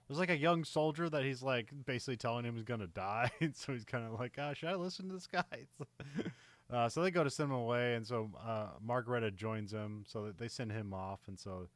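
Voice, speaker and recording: A man's voice: medium pitch, a little fast, no echo. A man casually recapping a war film on a podcast, rambling with lots of "like" and frequent laughs. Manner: rambling, many fillers and laughs. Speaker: podcast co-host. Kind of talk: casual movie recap chat.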